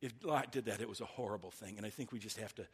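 A man preaching a sermon in an earnest, halting way, often restarting his phrases. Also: fairly low pitch, slightly rough. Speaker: pastor.

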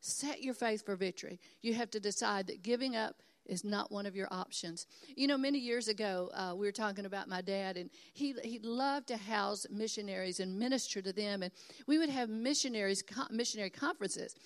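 A woman's voice: mid-range voice, brisk. An older woman from Texas preaching a sermon in an earnest, encouraging and emphatic way. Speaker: pastor.

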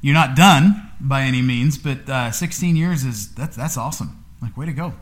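Casting: thirties male podcast host, mid-pitched, easygoing and rambling. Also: moderate pace. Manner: rambling, filler-heavy, warm congratulating. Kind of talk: casual chat.

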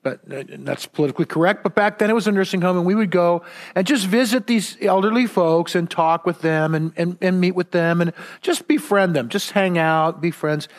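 A pastor from Southern California preaching to his church in a notably high-pitched male voice. He talks earnestly, doubling back and repeating words as he drives a point home. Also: a little fast. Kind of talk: sermon.

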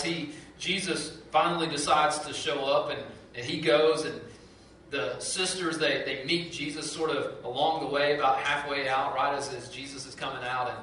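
A male pastor preaches in a storytelling way, stumbling over words and acting out the lines of people in the story. His voice is slightly high and bright. He is caught from a distance, with a strong room echo and faint background noise. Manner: storytelling, acts out quoted voices with repeats and restarts. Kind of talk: sermon.

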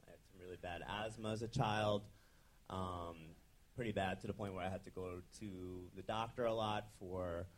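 A young man with a very deep, low-pitched voice speaks as a chiropractor guest in a relaxed interview. He talks casually and loosely, with frequent ums and restarts. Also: moderate pace. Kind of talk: conversational interview.

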